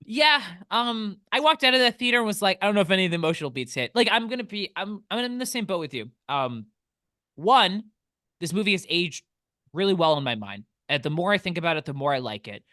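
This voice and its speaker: Guy on a movie podcast, bright voice, dry close sound, rambly animated storytelling. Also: high-pitched, fast talker, no echo. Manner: animated storyteller, swears freely. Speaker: podcast co-host. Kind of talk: casual film podcast chat.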